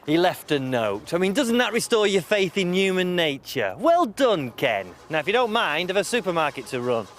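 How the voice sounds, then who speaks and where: A man's voice: sits high, big pitch swings, moderate pace, hardly any pauses, slight background noise. An actor playing a prim, officious male supermarket manager who dodges blame in a TV soap scene. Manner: pompous, officious, smug. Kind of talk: TV soap acting.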